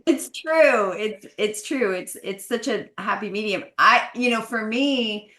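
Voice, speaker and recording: A woman's voice: fairly high pitch, unhurried, a bit bright. Talkative American woman, echoey room. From United States. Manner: talkative, many fillers, laughs often. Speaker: guest, glamping business owner. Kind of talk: casual interview. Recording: roomy echo.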